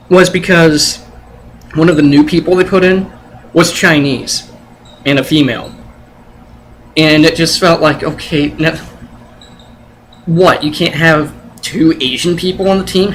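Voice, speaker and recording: A man's voice: fairly high pitch, fairly bright tone, a little hiss or hum. A young adult man giving a casual movie review, sarcastic and rambling, with blunt swearing.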